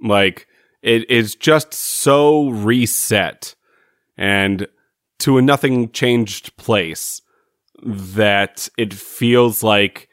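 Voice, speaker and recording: A man with a fairly low voice talks through a TV episode in a relaxed, wry way. He laughs easily as he chats. The sound is dry and close, with little room around it. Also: no room sound. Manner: chatty, wry, laughs often. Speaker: podcast co-host. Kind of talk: casual chat reviewing a TV episode.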